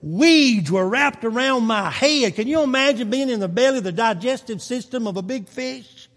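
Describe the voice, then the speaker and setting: Male pastor with a high voice, preaching in dynamic swings, church hall reverb. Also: expressive, normal speed. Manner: preaches with swings from quiet to loud, with folksy asides. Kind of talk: sermon.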